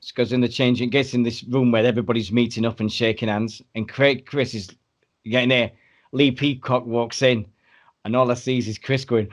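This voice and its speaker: A man telling lively anecdotes on a podcast. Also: mid-range voice, moderate pace. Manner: animated storyteller. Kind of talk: casual anecdote chat.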